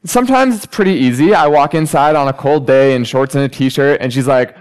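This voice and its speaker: A young man delivers a sermon in a smooth, clear voice that sits a little high for a man. He mixes teaching with personal stories and acts out everyday conversations with animated energy. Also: normal speed, hardly any pauses, low-quality recording. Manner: storytelling, animated when acting out conversations. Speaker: preacher.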